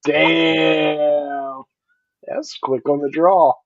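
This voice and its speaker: A man's voice: on the high side, lively intonation, moderate pace, dry recording. A man joking and needling the others in casual podcast banter. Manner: playful, needling jokes. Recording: dry, muffled call audio.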